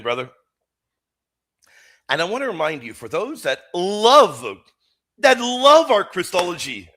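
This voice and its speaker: A middle-aged man hosts a live Catholic apologetics stream, chatting with viewers and taking their questions. He sounds bright and forceful, his pitch climbing and dropping constantly. He's animated and emphatic, veering between loud exclamations and quiet asides.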